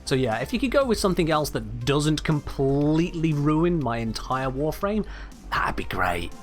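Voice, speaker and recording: A man's voice: on the high side, very animated, moderate pace, faint music behind. A man from England, chatting casually and wryly to his livestream chat while playing a game. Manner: chatty, wry, reads out and answers chat. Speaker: streamer.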